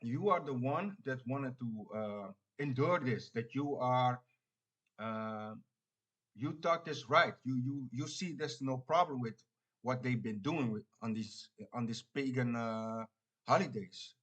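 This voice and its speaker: A man preaching in an informal, halting way, full of restarts and fillers, who ends nearly every phrase with "man". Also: medium pitch, fairly bright tone.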